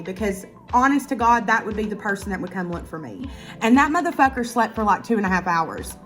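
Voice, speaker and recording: A woman telling a casual storytime to her viewers, animated and full of profanity. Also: fairly high pitch. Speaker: YouTuber.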